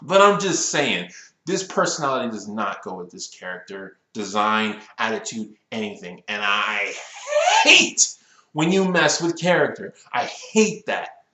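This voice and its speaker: A man in his twenties reviewing a cartoon episode in a casual rant, complaining in an exasperated, animated way that builds into outbursts. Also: fairly low pitch, measured pace, echoey room, rough recording. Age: 20s.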